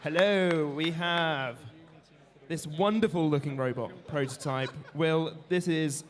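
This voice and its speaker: Encouraging male arena host, slightly high voice, reverberant hall. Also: slow, crowd noise, background noise. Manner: encouraging, showman announcing. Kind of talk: post-fight interviews and announcements.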